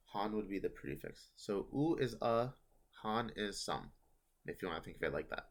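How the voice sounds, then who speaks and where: Male teacher, lowish voice, relaxed lesson delivery, walks through rules step by step. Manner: explains step by step, self-correcting, thinking aloud. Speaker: language teacher. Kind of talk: casual online grammar lesson.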